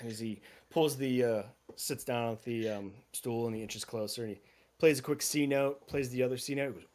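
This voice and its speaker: A man as game master, narrating a tabletop game in a casual, halting way with many fillers. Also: mid-range voice, steady tone, darkish tone.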